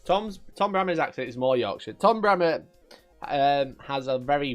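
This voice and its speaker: A man's voice: medium pitch, fairly quick, fairly bright tone, soft background music. A man hosting a wargaming livestream, chatting casually and bantering with viewers, sometimes swearing. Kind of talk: casual live-stream chat.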